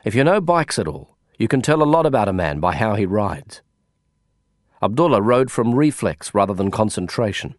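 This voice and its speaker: Expressive male audiobook narrator, dry studio sound. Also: on the low side, moderate pace, dry recording. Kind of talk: first-person audiobook narration.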